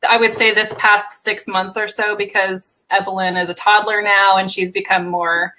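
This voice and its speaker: A young American woman from Oregon, chatting as a guest on a live stream, relaxed and laughing often with many ums. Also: medium pitch, moderate pace, low-quality recording. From Oregon, USA. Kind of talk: casual live-stream chat.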